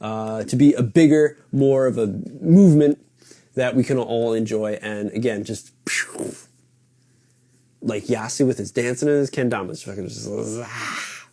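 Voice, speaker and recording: A man's voice: medium pitch, a little slow, warm tone. A man hosting a weekly hobby podcast, chatting loosely and rambling, swearing casually as he talks. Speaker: podcast host. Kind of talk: casual live-stream chat. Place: home in Japan.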